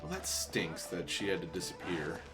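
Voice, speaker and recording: A man's voice: low-pitched, sing-song, normal speed. A man hosting a gaming channel, giving casual, jokey let's-play commentary in a chatty, nosy way. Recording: game music behind. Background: video game music.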